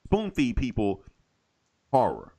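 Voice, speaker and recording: A man's voice: medium pitch, huge pitch swings, slow, mellow. A man co-hosting a podcast in casual chat, emphatic, swearing freely and laughing. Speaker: podcast co-host.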